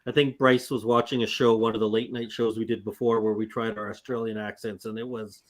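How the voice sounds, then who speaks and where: A man's voice: on the low side, flat delivery, brisk. A man co-hosting a casual live-stream football talk show, bantering in a joking, self-deprecating way. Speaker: co-host.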